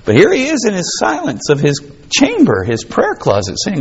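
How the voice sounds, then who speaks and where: A man's voice: sits high, wildly swooping pitch, normal speed, hardly any pauses, breathy edge, lo-fi sound. A man preaching a sermon in a folksy, conversational way that builds to fervent emphasis. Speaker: pastor.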